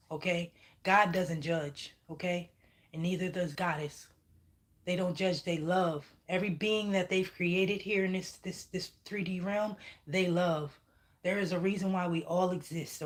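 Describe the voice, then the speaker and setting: Woman, spiritual reader on a livestream. Slightly low voice, emphatic, keeps checking in with "okay?", curses when she gets heated. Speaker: spiritual reader channeling messages. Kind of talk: livestreamed psychic reading.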